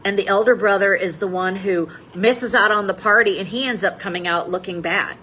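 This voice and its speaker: A woman's voice: medium pitch, brisk, sharp tone, a little hiss or hum, rough recording. A woman pastor giving a Lenten Bible study lesson, telling a story with dramatic emphasis.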